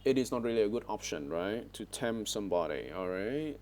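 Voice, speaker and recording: Male English teacher, lowish voice, headset mic, keeps asking "all right?". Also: lively intonation, a little fast, darkish tone, slight background noise. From Vietnam. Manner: corrective, repeats words and frequent "all right?" checks. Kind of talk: online speaking lesson. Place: online video class.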